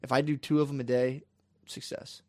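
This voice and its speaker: A man in his thirties telling stories in casual chat, animated, swearing and slipping into voices. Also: medium pitch, normal speed, no room sound, studio quality. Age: 30s.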